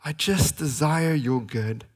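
A pastor in his thirties preaches a sermon in a slightly higher-pitched voice, sounding earnest and pleading. He slows down with emphatic pauses to linger on key phrases, then hurries through family anecdotes.

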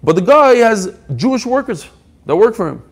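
Man, Talmud class teacher, high voice, very lively pitch, emphatic lecture. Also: moderate pace, husky. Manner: animated, emphatic, mixing Hebrew-Aramaic quotes with English explanation.

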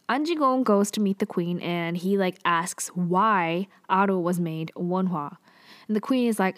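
A young woman casually recapping a TV drama, chatty and full of fillers and quick asides. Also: on the low side, no echo.

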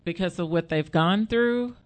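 A woman's voice: lowish voice, unhurried. A woman hosting a casual chat, encouraging and affirming her guest.

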